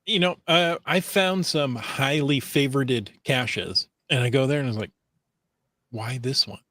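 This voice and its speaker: A man's voice: mid-range voice, normal speed, a bit bright, dry recording. Guy on a podcast reading listener notes, mid voice, dry little quips. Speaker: podcast co-host. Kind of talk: casual podcast chat, reading listener comments.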